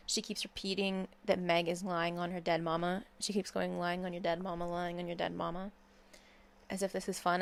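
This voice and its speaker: A woman's voice: mid-range voice, creaky. A young woman ranting in a blunt, sarcastic and profane commentary video. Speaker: commentary YouTuber. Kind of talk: casual commentary rant.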